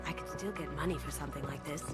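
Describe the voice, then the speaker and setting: A woman's voice: sits low, fast, music in the background, natural voice. An actress playing a dry, wisecracking female thief who admires the art she finds. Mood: wry. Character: sly female thief, art-loving and wry. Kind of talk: video game voice acting.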